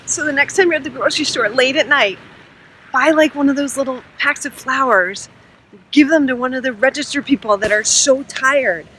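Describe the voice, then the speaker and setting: A woman vlogging outdoors at night in pouring rain, telling an excited, emotional story and getting choked up. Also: sits high, normal speed. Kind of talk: casual vlog monologue. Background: rain and passing traffic.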